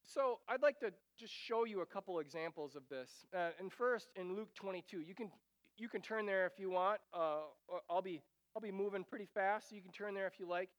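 Preacher mid sermon, smooth clear voice, dry close sound, earnest w/ chatty asides. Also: medium pitch, brisk, no echo, dull audio. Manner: earnest, with conversational asides while reading scripture aloud; repeats phrases for emphasis.

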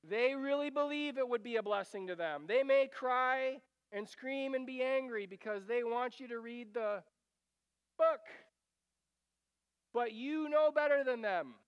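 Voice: high-pitched, unhurried, smooth, dry recording, lo-fi sound. A preacher giving an earnest sermon, reading scripture aloud and breaking off for casual asides and repeated phrases.

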